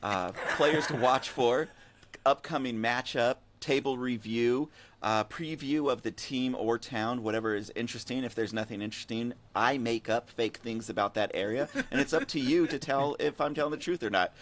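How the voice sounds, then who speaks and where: A man hosting a casual podcast, rambling and joking as he runs through the show. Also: mid-range voice. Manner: rambling, jokey, quick asides. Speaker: podcast host. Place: desert region.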